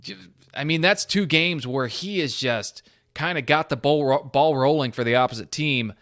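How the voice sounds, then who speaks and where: A young man with a slightly high voice hosts a solo sports podcast. He talks with lively energy, stops and restarts as he thinks aloud, and pokes fun at himself along the way. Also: moderate pace. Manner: animated, self-deprecating, thinking aloud with restarts. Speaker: podcast host.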